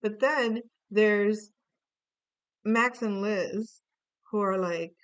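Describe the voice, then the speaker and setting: A woman's voice: medium pitch, extremely slow, clean tone. A woman doing a casual tarot reading, rambling with lots of fillers and restarts, swearing now and then. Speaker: tarot reader.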